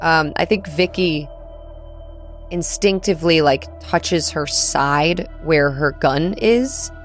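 A woman's voice: sits low, takes it slowly, faint music behind. A woman playing in a tabletop game, chattily describing her character's actions with many fillers. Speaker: player. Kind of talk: casual in-game narration.

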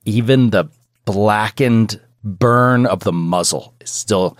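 A man's voice: on the low side, slow, no room sound, clean studio sound. A man narrating a tabletop horror game as game master, describing scenes in a loose, casual way. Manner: descriptive, loose, with fillers and chuckles.

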